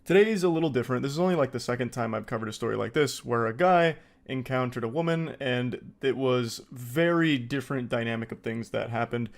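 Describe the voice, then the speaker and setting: A man's voice: medium pitch, brisk, hardly any pauses. A man commentating on online posts, mocking them in a dry, incredulous way. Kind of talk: sarcastic reaction commentary.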